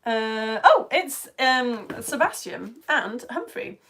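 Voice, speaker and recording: A chatty British woman runs a live online science lesson for home-educated kids, greeting viewers and reading their chat messages aloud. Her voice sits fairly high and swoops all over the place with animated, enthusiastic energy, and she laughs readily. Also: slow, a little hiss or hum. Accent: British English. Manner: bubbly, chatty, laughs often.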